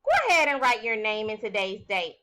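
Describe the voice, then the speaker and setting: A woman teacher giving a recorded phonics lesson to young children, speaking slowly and clearly, sounding out words and praising her class. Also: medium pitch, wildly swooping pitch, bright, forceful tone.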